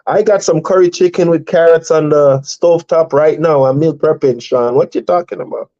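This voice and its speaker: A man's voice: on the high side, normal speed, mellow, muffled recording. A man hosting a live stream for truck drivers, telling rambling stories in casual chat and laughing often.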